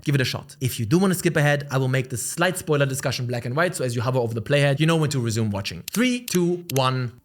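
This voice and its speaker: A man reviewing a film in a casual video, playful and jokey with animated asides. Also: medium pitch, fast, faint music behind.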